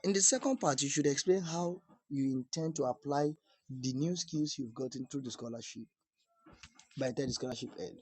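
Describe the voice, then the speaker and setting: Husky-voiced man coaching emphatically. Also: mid-range voice, a little mellow, no echo, poor audio. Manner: emphatic, repeats key points, restarts phrases. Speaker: scholarship application coach. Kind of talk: instructional talk to camera.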